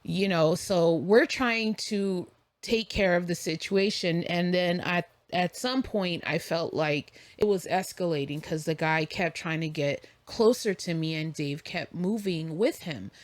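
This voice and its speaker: A woman's voice: on the low side, a little slow, no room sound. A woman hosting a podcast, telling a long story in a chatty, casual way, full of likes and you-knows. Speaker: podcast host.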